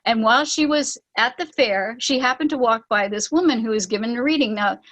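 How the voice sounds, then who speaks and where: Woman, spiritual storyteller, higher pitch, animated, acts out voices. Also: brisk, poor audio. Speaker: spiritual teacher and ceremony leader. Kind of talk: storytelling talk on an online call.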